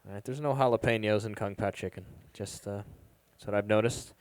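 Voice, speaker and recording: A man's voice: lowish voice, fairly quick, no echo. A young man doing stand-up comedy at an open mic, talking casually and hesitantly with frequent ums, on a bar stage into a handheld mic. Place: live music bar stage.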